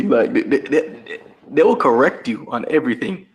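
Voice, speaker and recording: A man's voice: mid-range voice, animated, fairly quick. A man with a Jamaican accent chats casually on a podcast. He often stumbles over and repeats words, and he laughs easily along the way. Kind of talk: casual chat.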